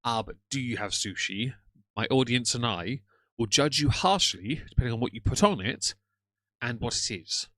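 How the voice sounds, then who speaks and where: A man's voice: medium pitch, expressive, normal speed, fairly bright tone, no echo. A man hosting a live stream, chatting casually with viewers and teasing the video he is watching. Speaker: livestream host reacting to a video.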